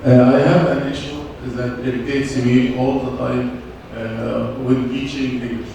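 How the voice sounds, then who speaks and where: A man's voice: medium pitch, little pitch movement, creaky, dark tone, slight background noise. Arabic-accented man asking from the audience. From Arab world. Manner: hesitant, many pauses, earnest. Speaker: teacher in the audience. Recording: echoey hall from far off.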